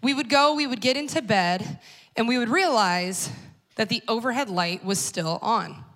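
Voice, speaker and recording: Woman in her 30s with a high voice, chatty wry storytelling to a crowd. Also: moderate pace, fairly bright tone. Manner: conversational and wry, addressing the audience directly. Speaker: speaker at a church talk series. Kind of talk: personal storytelling talk.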